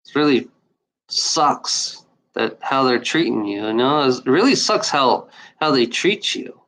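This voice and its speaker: A man vents in a loose, unscripted video rant. He speaks bluntly and swears often, stumbling through restarts and fillers. His voice sits at an ordinary middle pitch. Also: lively intonation, unhurried, a bit bright, poor audio. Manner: blunt, profane, repeats himself with many fillers. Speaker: video maker.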